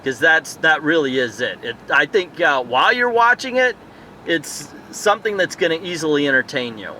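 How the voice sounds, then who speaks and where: A man's voice: fairly high pitch, animated, normal speed, sharp tone, slight background noise. A man giving a casual, rambling movie review outdoors at night, thinking aloud with many fillers and tangents. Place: outdoors in a town area at night.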